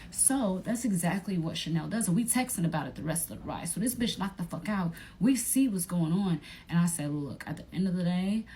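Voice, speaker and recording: A young woman, telling a profane storytime vlog in an animated way and acting out her friends' voices. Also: lowish voice, slight background noise. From Atlanta area, United States.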